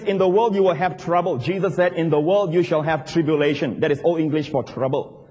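Pastor preaching in a big hall. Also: male voice, a little fast, breathy edge. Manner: animated preaching, rising to emphatic highs. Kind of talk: sermon. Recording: long reverb of a large hall.

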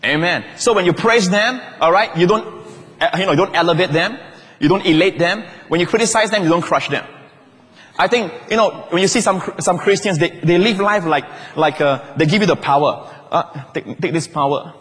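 Preaching to his congregation in a big-sounding room, a pastor with a voice that sits high keeps a moderate pace. He's lively, calling out for amens, making asides, and checking that the congregation is listening.

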